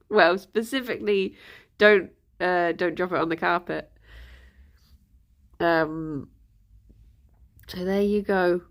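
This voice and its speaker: A woman's voice: on the low side, takes it slowly, long pauses. A young woman chatting casually with her stream viewers, rambling and giggly, sounding a little bunged up. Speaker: livestream host.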